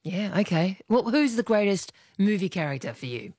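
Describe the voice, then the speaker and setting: A woman's voice: mid-range voice, very animated, normal speed, darkish tone, no echo, clean studio sound. A woman hosting a casual radio chat, playfully quizzing her guest. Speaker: radio host.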